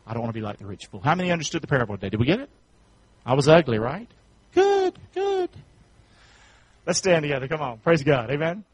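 A pastor, preaching a sermon in call-and-response, building up to rapid repeated shouted questions. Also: male voice, a little high, sing-song, breathy edge, dull audio.

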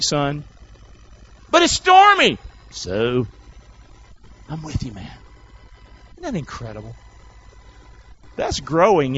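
A man preaching a sermon in a folksy, call-and-response way, swinging between shouted lines and low asides. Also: highs cut off, slight background noise. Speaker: pastor.

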